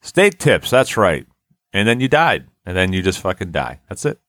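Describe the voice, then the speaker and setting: Young male co-host, lower voice, lively delivery, rambling comic storyteller, dry close sound. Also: normal speed, dry recording. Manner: rambling storyteller, acts out quoted lines. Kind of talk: casual comedic chat.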